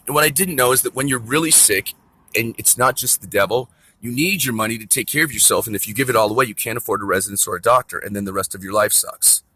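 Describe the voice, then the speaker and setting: A man's voice: medium pitch, fast, pushed and bright, breathy edge, no echo. A man delivering an angry, profane, rambling rant to camera outdoors near a store. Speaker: vlogger. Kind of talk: ranting monologue to camera.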